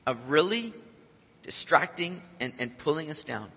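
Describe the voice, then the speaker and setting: A man's voice: fairly high pitch, sing-song, a little slow, creaky, sharp tone, husky. A man preaching a sermon with energy and joking with the congregation. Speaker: pastor. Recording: long hall reverb.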